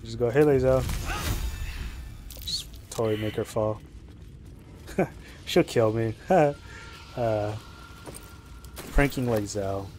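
Casual guy streaming a game live, talks a lot, gets excited fast, little background hum. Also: fairly low pitch. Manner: chatty and rambling, excitable reactions. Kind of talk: live gameplay commentary.

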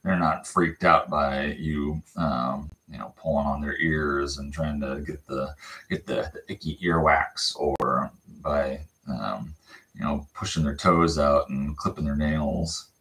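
A man's voice: a bass voice, steady tone, takes it slowly, a bit bright, rough recording. A man hosting a puppy livestream from his home, explaining puppy care in a loose, rambling way with lots of fillers and restarts. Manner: coos baby talk to the puppies. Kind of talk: casual livestream chat. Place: home puppy pen, indoors.

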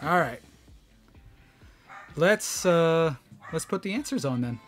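Man, trivia host, slow lively delivery, playful, faint music behind. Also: a little high. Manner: playful, reads titles slowly, jokes around. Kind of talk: casual game show banter.

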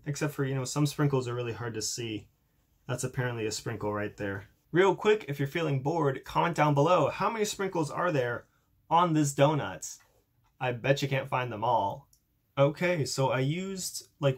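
A man's voice: mid-range voice, husky. A young man in a casual tech vlog, chatty and upbeat, showing off a coding project with a self-deprecating humor. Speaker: YouTuber demonstrating a coding project.

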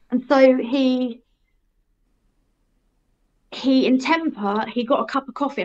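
Casting: young woman, frank and rambling storyteller, fairly high voice, dull recording. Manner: frank, rambling, laughs at herself. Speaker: guest telling her life story. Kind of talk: casual storytelling.

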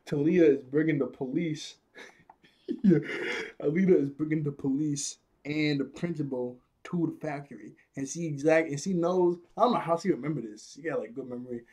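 Husky, laid-back slangy guy. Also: a little high, a little mellow. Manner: slangy, laughing, frequent self-corrections. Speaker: cartoon episode reviewer. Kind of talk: casual episode recap.

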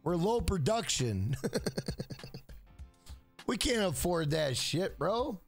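High-voiced, profane streamer man. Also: big pitch swings, slow, faint music behind. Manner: profane, rambling storyteller. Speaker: game streamer. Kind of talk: casual live-stream chat.

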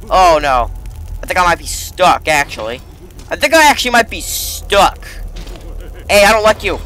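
A young man commentating a video game, high-pitched and bright, excitable and quick to yelp. He rambles and jokes through the game, with a faint hiss of noise behind him. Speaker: gaming YouTuber. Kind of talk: let's play commentary.

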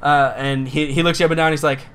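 A man's voice: a little high, steady tone, fast talker, a bit bright, clean tone. A man narrating a tabletop role-playing game as game master, loose and rambling with many fillers.

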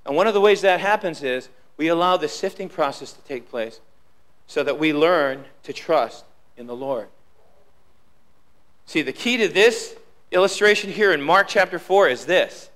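High, bright-voiced preaching man. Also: normal speed. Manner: emphatic preaching, repeats key lines, drops low for quotes. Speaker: pastor. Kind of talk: sermon. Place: church sanctuary.

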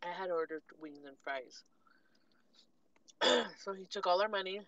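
Sassy, bright-voiced woman vlogger. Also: fairly low pitch, a little slow, no room sound, dull audio. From California. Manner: animated, sassy storytelling with acted-out quotes. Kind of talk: casual storytime while eating.

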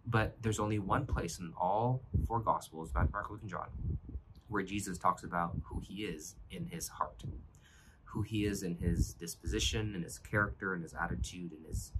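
A man's voice: low voice, normal speed, background noise. A man pastor giving an earnest, reflective devotional sermon, often restarting his phrases.

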